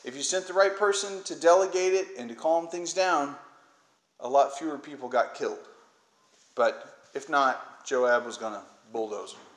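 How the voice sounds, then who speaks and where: A man preaching in a relaxed, conversational way, retelling a Bible story and acting out the lines of the people in it. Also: mid-range voice, normal speed, reverberant, low-quality recording. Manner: conversational storytelling, acts out quoted voices. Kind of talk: informal Bible teaching.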